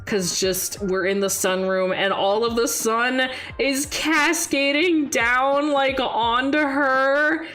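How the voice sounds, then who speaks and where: A young woman streamer chats through a personal story in a lively, expressive way. When she quotes people her voice jumps much higher, and she laughs often. Faint music plays behind her. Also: slow pace, few pauses. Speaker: VTuber streamer. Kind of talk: casual storytelling chat.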